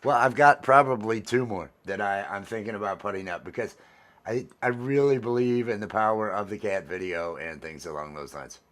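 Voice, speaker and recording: A man's voice: fairly low pitch, normal speed, a bit bright. A man hosting a casual livestream vlog, rambling cheerfully and repeating his phrases as he chats with viewers. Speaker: vlog host.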